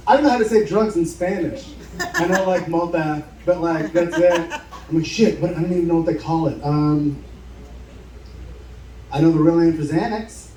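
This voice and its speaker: A slightly high, mellow male voice moves at a moderate pace with long pauses, telling a casual, profane story at a bar show and impersonating its characters. A little hiss or hum is audible, the room is echoey, the mic is far off, and the audience cheers and laughs.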